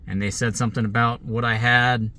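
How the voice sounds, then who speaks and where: A man records himself from the seat of his car, talking into the camera. He rambles and circles back, sounding aggrieved and threatening. His voice sits at a middling pitch for a man. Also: level tone, fast, sharp tone. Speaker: vlogger. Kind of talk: angry monologue to camera. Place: sitting in a car.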